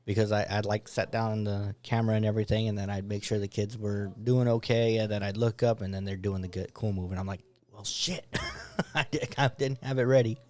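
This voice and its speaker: A man's voice: fairly low pitch, fairly even intonation, brisk, few pauses, darkish tone. A man co-hosting a casual talk show, laid-back and rambling, often laughing. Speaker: podcast co-host. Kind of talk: casual chat.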